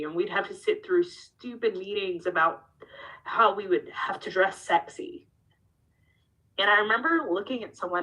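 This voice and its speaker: In a candid interview, a woman in her thirties who wrestles professionally recounts her story with energy, voicing the dialogue herself and changing her tone as she goes. She has a mid-range voice with a breathy edge, speaks at a moderate pace, and the recording quality is rough.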